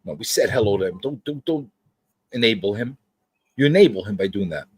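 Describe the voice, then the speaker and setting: A man's voice: on the low side, lively intonation, fairly quick, darkish tone, slightly rough, no echo. A man hosting a casual live-stream chat, joking and teasing his co-host and the chat. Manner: joking, teasing, jumps into silly voices. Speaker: podcast host.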